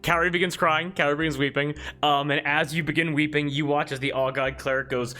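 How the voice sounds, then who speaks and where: A man running a tabletop game as game master. He narrates casually, with plenty of ums and likes. His voice is bright and crisp over soft background music. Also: a little high, little pitch movement, a little fast. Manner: casual, filler-heavy narration. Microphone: own microphone.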